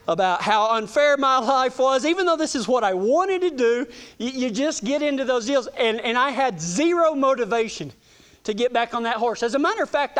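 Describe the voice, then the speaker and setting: A man's voice: extremely high pitch, a bit bright. A man preaching a sermon in a folksy, storytelling way, often repeating words as he goes.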